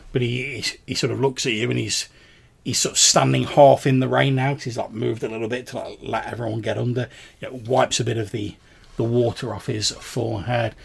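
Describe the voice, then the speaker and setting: A man running a tabletop game as game master, his voice gravelly and a little husky. He describes scenes in a loose, rambling way, full of "sort of" and "like". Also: medium pitch.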